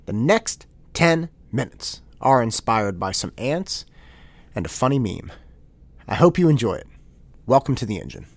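A man in his thirties hosting a casual solo podcast, telling a story in an animated way with many restarts. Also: medium pitch, measured pace, creaky. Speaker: podcast host.

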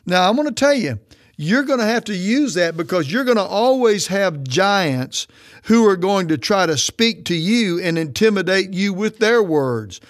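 A man preaching a sermon, emphatic and declaring, often slowing down to stress his words. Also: sits high.

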